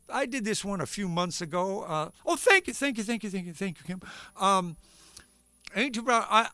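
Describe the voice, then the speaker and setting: A man's voice: high-pitched, sharp tone, dry recording. A man, a singer-songwriter, chatting casually between songs on a live stream, musing about how he arranges and sings his material. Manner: musing, unhurried, talks through his song choices.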